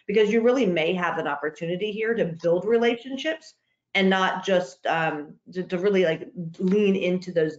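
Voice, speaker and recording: Woman panelist, earnest advice, frequent restarts, roomy echo, muffled video call sound. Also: fairly low pitch. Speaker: healthcare marketing panelist. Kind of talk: webinar panel discussion.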